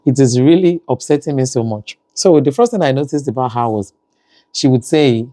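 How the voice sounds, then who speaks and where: A family vlogger with a Nigerian accent chats conversationally, often dropping in "you know." His medium-pitched voice is warm and moves at a normal speed, with no room sound.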